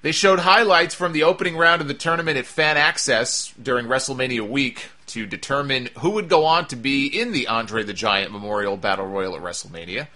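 A man's voice: medium pitch, fairly quick, few pauses, pushed and bright. A man giving a casual, chatty recap of a wrestling show, with wry asides and frequent fillers.

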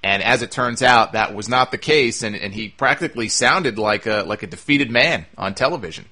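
Here a man with a fairly low voice speaks at a moderate pace, his tone pushed and bright. Hosting a casual podcast, he responds to listener mail conversationally, frequently filling with "uh" and starting over.

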